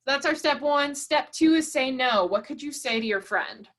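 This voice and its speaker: Running an online workshop, this facilitator reads out what participants type in the chat and encourages them warmly, with "y'all" coming up again and again. Her voice sits high and sounds animated and a bit bright at a moderate pace.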